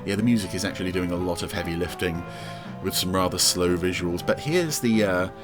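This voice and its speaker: A man's voice: low-pitched, a little fast, over music. A man hosting a podcast, giving chatty, wry watch-along commentary on an episode, with fond asides. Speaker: podcast host.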